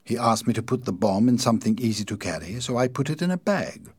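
A man doing a coldly calm bomb maker. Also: medium pitch, fast, slightly rough, no room sound. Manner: calm, cold, matter-of-fact.

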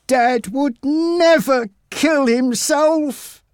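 A man voicing a distressed teenage boy in a read-aloud story, shouting in high distress. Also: extremely slow, no echo, studio quality, heavily acted. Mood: distraught. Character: upset teenage boy, young brother.

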